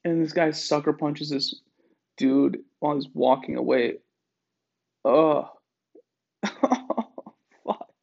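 A man hosting a podcast in a rambling monologue, swearing often and digressing in an animated way. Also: a little high, takes it slowly, creaky, long pauses, muffled recording. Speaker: podcast host.

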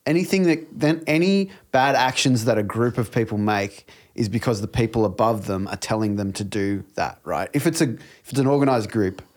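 A man's voice: medium pitch, moderate pace, few pauses. A man in casual podcast chat, agreeing readily and chiming in with short assents between his own points.

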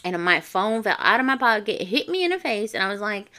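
A woman from the Navajo Nation, hosting a vlog and telling funny personal stories in a lively, slangy way. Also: mid-range voice, fairly quick. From Navajo Nation, US Southwest. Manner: animated, slangy, acts out quotes. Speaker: vlogger host. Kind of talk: casual comedic storytelling.

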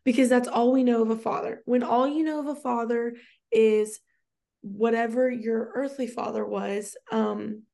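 A woman in her thirties talks through a casual faith conversation, close to tears. Her voice sits a little high and breaks into a gravelly fry. She talks in a chatty way, full of fillers and restarts. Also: steady tone, moderate pace, warm tone. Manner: emotional, chatty, many fillers. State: tearful. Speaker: podcast co-host.

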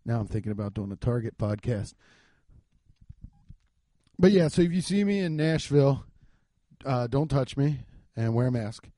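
A young man rambles through a solo podcast from his garage, cursing freely. His mellow voice swings widely in pitch, from low mutters to sudden loud bursts. The sound is close and dry. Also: moderate pace, long pauses, no echo. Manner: loose, profane, rambling with frequent swearing; animated, jumps between muttering and loud outbursts. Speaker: podcast host. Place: home garage.

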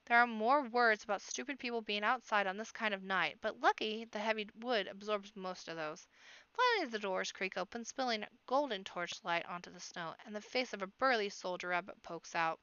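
A woman reading a children's fantasy audiobook aloud, expressive, with occasional slips and restarts. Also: mid-range voice, brisk, smooth, dry recording, lo-fi sound. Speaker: amateur audiobook reader. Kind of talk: storybook narration.

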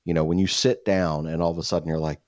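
Young male podcast host, very low voice, rambling, profane storytelling, dry lo-fi sound. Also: flat delivery, quick pace, no room sound. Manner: rambling, profane, many fillers and restarts. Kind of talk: casual storytelling chat.

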